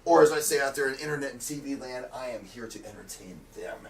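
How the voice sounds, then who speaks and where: A man's voice: medium pitch, expressive, fast. Brief: pompous male wrestling commentator, bouncy swooping delivery, slightly distant mic. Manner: boastful, pompous. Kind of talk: bombastic promo commentary.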